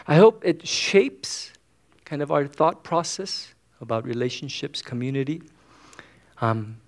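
Pastor, man, high-pitched, easygoing sermon full of quick "okay?" check-ins. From United States. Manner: casual, joking, frequent "okay?" asides.

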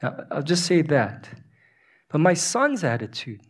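A male pastor in his thirties preaching a sermon, telling a family story with laughter and swinging from hushed tones to loud bursts. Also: on the high side, very animated, unhurried. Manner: laughs through his anecdotes.

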